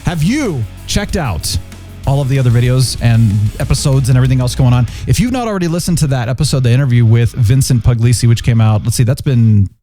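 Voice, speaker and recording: Lively, animated podcast host. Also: male voice, medium pitch, soft background music. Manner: animated, jokey, quick to laugh. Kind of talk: casual chat.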